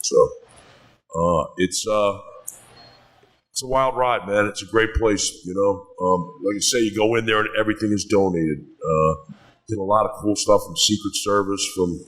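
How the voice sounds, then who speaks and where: Middle-aged new guy, lowish voice, rambling swear-heavy bar stories, keeps saying man. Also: fairly even intonation, normal speed, fairly bright tone, low-quality recording. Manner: rambling, swears a lot, says "man" often. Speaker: bar co-owner, podcast guest. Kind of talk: casual storytelling chat.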